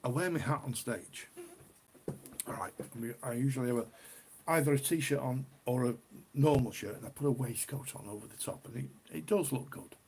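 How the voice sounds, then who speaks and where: A man's voice: mid-range voice, a little fast, gravelly, a little mellow, slight background noise. A middle-aged man from the UK hosting a casual beer live stream, chatty and rambling, often repeating himself. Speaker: beer livestream host.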